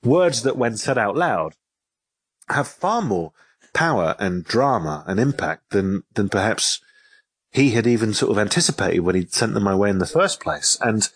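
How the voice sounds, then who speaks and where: Husky low-voiced storyteller. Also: male voice, moderate pace, dry recording. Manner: lively storyteller, repeats and restarts phrases. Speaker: author and guest. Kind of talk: telling an anecdote in an interview.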